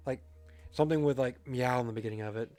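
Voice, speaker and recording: A man's voice: mid-range voice, fast talker, dark tone, no room sound, soft background music. A man casually commenting on a game as a streamer, joking and reading chat aloud.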